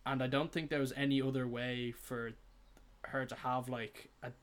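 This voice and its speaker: Male podcast co-host, mid-pitched, loose and rambling delivery. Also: little pitch movement, normal speed. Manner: rambling, filler-heavy, blunt opinions. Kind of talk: casual chat.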